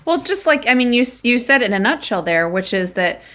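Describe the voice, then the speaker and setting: A woman's voice: on the high side, very animated, fairly quick, a bit bright. A woman co-hosting a podcast, speaking in a thoughtful, agreeable, casual way. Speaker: podcast co-host.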